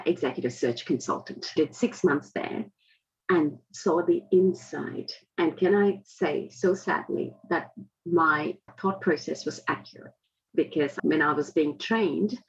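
A woman in her forties with an adapted Indian-heritage Australian accent, telling her story as an interview guest in an earnest, reflective way. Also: deep voice. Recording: dull lo-fi audio.

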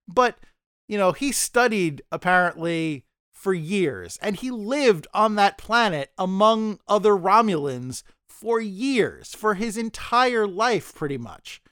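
A man's voice: high voice, lively intonation, slow, a bit bright, clear, resonant tone, no echo, clean studio sound. A man co-hosting a casual podcast discussion, rambling and often stammering as he restarts his sentences. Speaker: podcast co-host.

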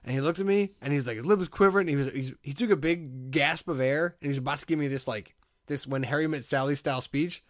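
A man's voice: on the high side, fast talker, no room sound, clean studio sound. A man in his thirties co-hosting a podcast, telling a rambling story in casual chat, full of "like" fillers. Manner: rambling, animated, many "like" fillers. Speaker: podcast co-host.

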